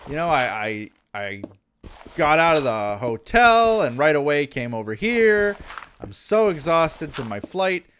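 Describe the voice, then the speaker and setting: A man's voice: on the high side, very animated, a little slow, fairly bright tone, slight background noise. A man voicing a worn-out traveling salesman, pleading for coffee in an exaggerated whine. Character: weary traveling male sales rep craving coffee.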